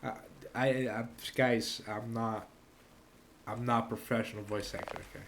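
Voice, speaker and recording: A man's voice: medium pitch, fairly even intonation, moderate pace, fairly bright tone. Tipsy male gamer, stumbling, self-mocking casual commentary; slight background noise. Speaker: gamer playing a narrative game.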